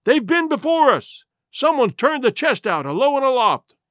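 Rough pirate, excited, yelling down in a high voice, played by a male narrator. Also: moderate pace, no room sound, studio quality, exaggerated voice. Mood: alarmed. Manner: calling out in a raised high voice.

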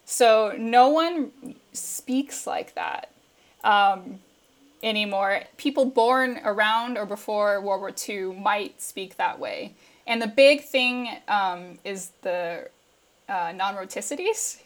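A woman's voice: medium pitch, slow pace. A woman speaking as a guest commentator in casual chat, chatty and full of fillers and laughs.

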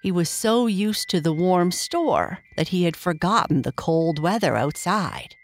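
A woman reading a children's story aloud, gently lifting her pitch for the characters. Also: lively intonation, a little slow.

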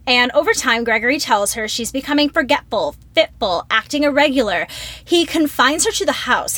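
A woman's voice: sits high, no room sound. A woman co-hosting a podcast, retelling a film plot in casual chat and acting out the quotes. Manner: animated storyteller, acts out quotes. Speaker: podcast co-host.

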